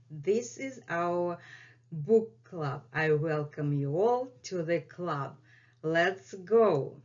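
A woman whose first language is Russian, hosting a language lesson and slowly repeating words for learners. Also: fairly low pitch. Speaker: language teacher and channel host. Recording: dull lo-fi sound.

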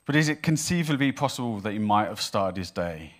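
A man preaching a sermon in church, telling a Bible story in an animated way and acting out the voices of the people in it. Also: on the low side, brisk. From Wales. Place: church hall with congregation.

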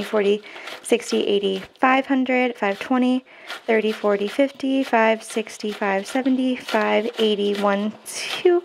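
A woman's voice: fairly high pitch, creaky, slight background noise. A woman in her twenties, chatting casually to camera as a budgeting vlogger and counting cash aloud in a bubbly way. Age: 20s.

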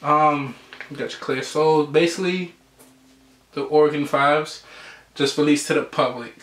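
A man's voice: fairly high pitch, steady tone, moderate pace, fairly bright tone. Heated slangy man in a roomy room. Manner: heated, slangy, repeats himself. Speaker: sneaker vlogger. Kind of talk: casual unboxing rant.

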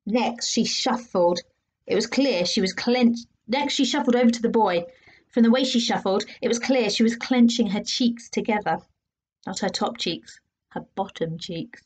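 A woman teacher reads a children's story aloud. Her voice is husky and sits a little high. She plays up the comic bits with sound effects. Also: moderate pace. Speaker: teacher reading a class story.

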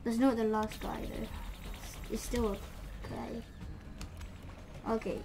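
A woman giving casual gameplay commentary, excitable and trash-talking, with lots of "literally" and "like". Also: fairly high pitch, slow, background noise. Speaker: gamer. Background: game music.

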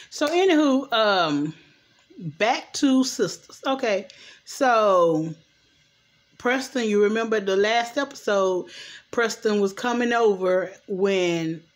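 A young adult woman chatting at home in a loose, rambling way, recapping a TV episode and often saying "anywho.". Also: lowish voice. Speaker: TV recap vlogger. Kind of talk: casual recap chat. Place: home at night. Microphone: camera mic.

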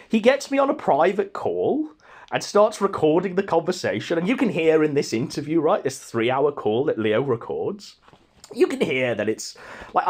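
Man, podcast host, scornful rant, high-pitched. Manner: mocking, scornful. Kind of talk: casual ranting commentary.

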